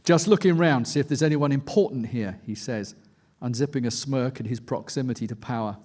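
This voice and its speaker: A man, an investigative journalist, reading aloud from his own book at a conference, in a measured, dry storytelling manner. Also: mid-range voice, a little mellow. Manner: measured, dry storytelling read with quoted asides. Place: conference stage.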